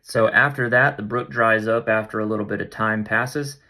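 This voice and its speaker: A man's voice: on the low side, fairly even intonation, normal speed, bright, forceful tone. A man hosting a casual Bible study vlog, retelling the passage in a playful, jokey, slangy way. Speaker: vlog host.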